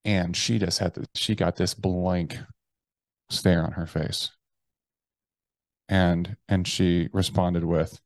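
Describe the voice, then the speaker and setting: A man, a podcast guest, telling a personal story bluntly and profanely, with halting restarts. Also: low-pitched, flat delivery, no room sound. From United States. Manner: blunt and profane, with slangy address.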